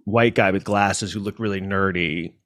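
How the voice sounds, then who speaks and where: A man's voice: on the low side, animated, slow. A man from New York City telling a personal story in a casual monologue, rambling with restarts and asides.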